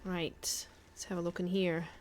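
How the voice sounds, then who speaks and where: A woman's voice: on the low side, little pitch movement, normal speed, darkish tone, slight background noise. A woman streaming a survival game from home, chatting and thinking aloud in a put-on Scottish accent and poking fun at herself. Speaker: guest streamer. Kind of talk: casual gameplay commentary.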